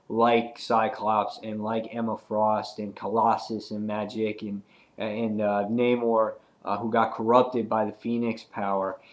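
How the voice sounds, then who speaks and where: Rambling male comic book reviewer. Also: fairly low pitch. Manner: rambling, filler-heavy retelling with acted quotes. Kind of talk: casual recap of a comic issue.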